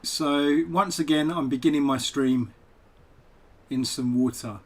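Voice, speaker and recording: A man's voice: mid-range voice, measured pace, husky. Chatty man rambling on a live stream. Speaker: poet and game streamer. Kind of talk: casual live-stream chat over gameplay.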